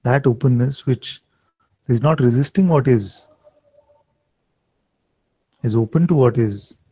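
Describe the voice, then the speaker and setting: A man giving a satsang talk as a spiritual teacher, slow and reflective, often checking in with listeners. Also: mid-range voice, no echo, poor audio. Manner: slow, reflective, gently questioning.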